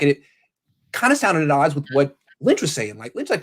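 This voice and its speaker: A man hosting a casual sports talk show, animated, often quoting others in quick voices. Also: on the high side, slightly rough. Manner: animated, quotes people in quick impressions. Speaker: podcast host.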